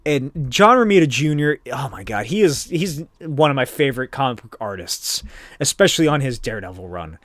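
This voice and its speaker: A man hosting a podcast, recapping a comic in a loose, profane, animated way. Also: medium pitch, brisk, no echo. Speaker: podcast host. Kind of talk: casual comic book recap.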